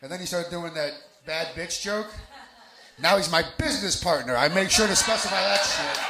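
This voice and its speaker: A man's voice: high-pitched, moderate pace. A man from New Jersey doing a live stand-up set on a bar lounge stage, brash and profane, working the crowd into his punchlines. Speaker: stand-up comedian. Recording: roomy bar with crowd noise.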